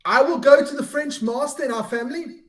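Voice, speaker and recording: A man with a very high voice, joking at his own expense and tripping over names as he reads them. He sits well back from the microphone, and the room adds a roomy echo. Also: a little fast, recorded from a distance. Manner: self-deprecating, stumbles over names. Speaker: podcast co-host. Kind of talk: casual chat.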